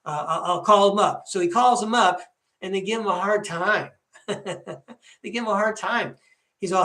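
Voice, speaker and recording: A man's voice: high voice, moderate pace, reverberant. Chatty rambling man in his fifties. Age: 50s. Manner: chatty, rambling, animated storyteller. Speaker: podcast host. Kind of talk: casual storytelling monologue.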